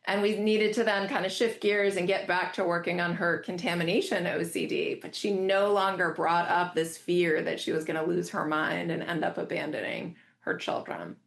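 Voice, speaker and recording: A woman's voice: fairly low pitch, normal speed, gravelly, few pauses. A woman therapist co-presenting a webinar, telling a clinical case fluently and explaining it. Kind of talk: webinar teaching.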